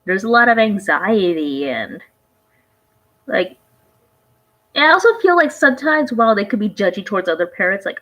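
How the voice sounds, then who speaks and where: A woman's voice: medium pitch, very animated, normal speed, pauses often, a bit bright, low-quality recording. A woman vlogger giving casual reaction commentary, rambling and conversational, often trailing off and restarting her thoughts.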